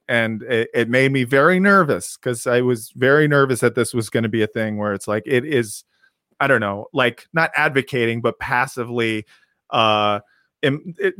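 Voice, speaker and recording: A man hosting a casual podcast, talking in a rambling, halting way with many fillers and restarts. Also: mid-range voice, fairly bright tone, dry recording, studio quality. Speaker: podcast host.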